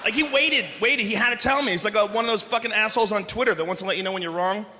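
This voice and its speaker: Male stand-up comic, loud and animated, high voice; live venue with reverb and crowd noise. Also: rapid-fire. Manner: loud, animated, frequently shouting. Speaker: stand-up comedian. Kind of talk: stand-up comedy set. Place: live comedy stage.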